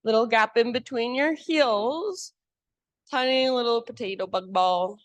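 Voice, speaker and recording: A woman teacher guiding a live yoga class with calm, encouraging cues. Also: a little high, a little slow, no echo.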